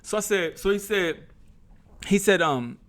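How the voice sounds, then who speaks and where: Speaking unhurriedly in a high-pitched, fairly bright voice with lively intonation, a middle-aged New Jersey vlogger shares a personal story like a sermon. He addresses viewers as brothers and sisters, repeats and restarts himself, and acts out what people said.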